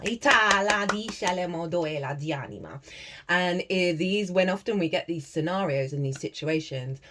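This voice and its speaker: Brief: British woman tarot reader, chatty and animated, a little low-voiced, swears casually. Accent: British English. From Britain. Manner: animated, chatty, swears freely, breaks into soft chanting. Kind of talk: casual spiritual tarot reading.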